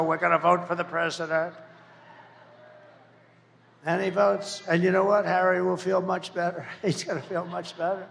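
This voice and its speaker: A man's voice: high voice, level tone, normal speed, vocal fry, long pauses, fairly bright tone. A man giving a boastful, rambling campaign rally speech, mocking his opponents as he goes. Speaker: political candidate. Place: large rally venue. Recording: echoey hall, faint background noise.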